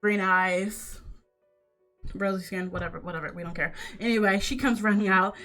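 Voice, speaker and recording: A woman's voice: medium pitch, steady tone, normal speed, fairly bright tone, faint music behind. A woman narrating a tabletop game as game master, slipping into character voices for the quoted lines.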